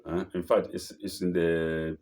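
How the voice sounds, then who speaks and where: A man hosting a show, reading inspirational pieces aloud slowly, repeating phrases, calling out punctuation and adding delighted asides. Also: deep voice, level tone, a little mellow. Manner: delighted asides, chuckles at the text.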